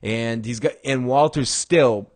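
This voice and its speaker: A man in a middle-pitched voice hosts a casual recap show. He rambles through the story with restarts, light chuckles and sudden bursts when he acts out a line. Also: takes it slowly, darkish tone. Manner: acts out quoted lines in bursts of raised voice. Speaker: show host recapping a TV episode. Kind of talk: casual chat.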